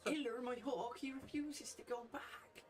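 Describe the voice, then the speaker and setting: A man voicing a sobbing, distraught farm woman in a high wavering voice over a video call. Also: steady tone, measured pace, distant mic. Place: home room on video call.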